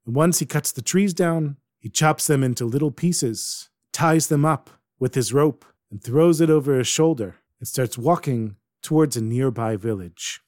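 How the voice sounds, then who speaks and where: A man telling a folk story aloud in a lively way, dropping in Yiddish words. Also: mid-range voice, moderate pace, hardly any pauses, noisy background. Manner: animated, sprinkles Yiddish words. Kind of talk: oral storytelling. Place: Jerusalem.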